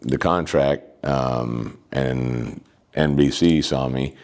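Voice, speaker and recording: A man with a remarkably deep, low-pitched voice sits as a guest in a podcast studio. He spins long anecdotes, slipping into the lines of the people he talks about as he goes. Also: takes it slowly, a little mellow. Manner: long anecdotes acting out quoted dialogue. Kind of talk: casual storytelling interview.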